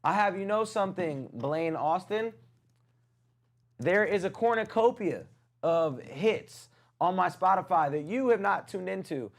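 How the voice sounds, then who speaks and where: A man's voice: high-pitched, expressive, unhurried, creaky. Playful man hosting a music livestream. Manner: playful, teasing banter with chat. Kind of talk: casual livestream chat.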